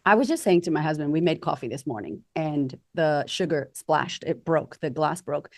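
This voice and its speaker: A woman's voice: deep voice, lively intonation, moderate pace, a little mellow, dry recording, clean studio sound. A woman confidence coach talking animatedly as a podcast guest, acting out quoted voices. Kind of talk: podcast interview.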